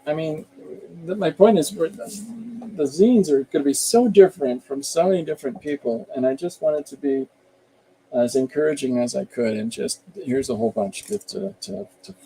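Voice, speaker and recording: While drawing live on his show, an artist in his fifties chats in a loose, rambling, easygoing manner about what he's making. He has a medium-pitched, mellow voice with vocal fry. The recording is low quality, with slight background noise.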